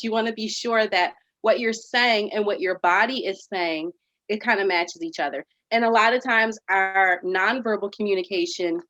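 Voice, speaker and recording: A woman's voice: mid-range voice, dry recording, lo-fi sound. Upbeat woman teaching a virtual lesson. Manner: upbeat, animated, reads passages aloud. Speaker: after-school program teacher.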